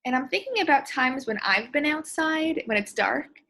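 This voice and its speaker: A woman teacher explaining and demonstrating expressive reading aloud in a reading lesson. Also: high-pitched, normal speed.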